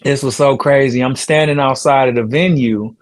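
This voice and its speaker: A man in his thirties hosting a podcast, telling stories in a relaxed, slangy way with laughs between lines. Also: medium pitch, normal speed. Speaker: podcast host and rapper. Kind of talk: casual storytelling chat.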